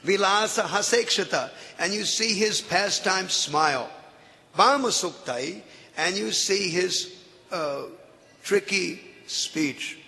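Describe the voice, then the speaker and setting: A man teaching from scripture and telling stories in an animated way, often laughing as he explains. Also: high-pitched, takes it slowly, vocal fry. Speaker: spiritual teacher. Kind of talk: scripture lecture with storytelling. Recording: echoey hall.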